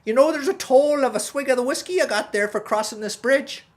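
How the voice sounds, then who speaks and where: A gruff, mocking old troll of a man with a lilt, blunt and loud, as a woman puts him on. He speaks in a comic storybook telling. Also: high-pitched, a little fast, lightly acted.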